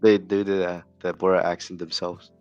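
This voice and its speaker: Male co-host, relaxed slow chat, very low voice, faint music behind. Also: no echo, highs cut off. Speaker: co-host on a trading stream. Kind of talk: casual chat.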